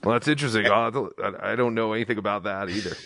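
A man's voice: lowish voice, rapid-fire, a bit bright, no echo, studio quality. A man hosting a casual live stream, joking with co-hosts and reading out viewer donations. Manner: jokey, reads out viewer donations. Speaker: host.

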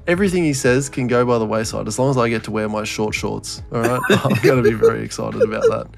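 A man's voice: medium pitch, quick pace, vocal fry, faint music behind. A man co-hosting a podcast in laid-back casual chat, swearing a lot and laughing often. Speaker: podcast co-host.

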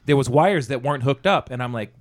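A man's voice: medium pitch, quick pace. A man telling a profanity-laced story about an old job in casual conversation, acting out the dialogue. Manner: profane, animated anecdote-telling with quoted dialogue.

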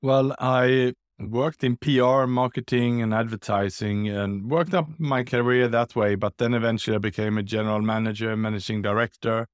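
Guest executive, middle-aged, Swedish accent with Australian tinge, measured and polite, mid pitch, dry sound. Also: male voice, steady tone, smooth, no room sound. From Sweden. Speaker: guest, business executive and author. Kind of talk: interview answers.

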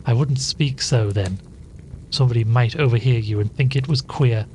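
A man's voice: medium pitch, moderate pace, a little mellow, slight background noise, close to an everyday voice. A man voicing a stern, suspicious woman, an elder sister, in a read-aloud story, with a stiff, admonishing manner.

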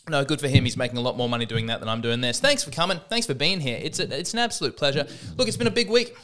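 A man riffs through a comedic podcast monologue, stumbling into restarts and joking at his own expense. His voice is smooth and resonant, sitting in a middle pitch. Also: lively intonation, racing, fairly bright tone. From Australia. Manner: rambling, self-deprecating, with frequent restarts. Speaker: podcast host.

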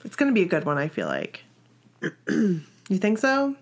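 A woman's voice: mid-range voice, huge pitch swings, moderate pace, vocal fry. A woman in her forties from Maine, with a Maine accent, chatting casually and upbeat as a podcast co-host. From Maine, USA. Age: 40s. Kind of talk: casual chat.

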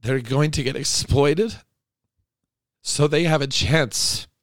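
A man's voice: on the high side, takes it slowly, dry recording, clean studio sound. A middle-aged man hosting a podcast, talking in an impassioned monologue that is indignant, emotional and pleading. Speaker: podcast host.

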